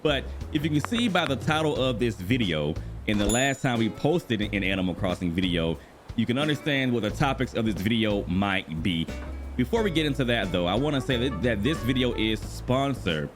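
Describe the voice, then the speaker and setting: A man in his thirties casually chatting about a video game while he plays, animated and quick to exclaim. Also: on the low side. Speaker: gaming YouTuber and streamer. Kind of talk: casual gaming vlog commentary while playing. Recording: music bed playing clearly behind the voice.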